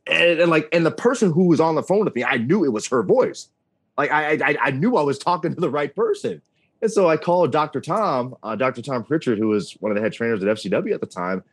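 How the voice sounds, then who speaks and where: This interview guest, a thirty-something wrestling announcer, has a somewhat high, breathy voice and a brisk pace. He tells his stories with animation, acting out quoted voices in a casual setting.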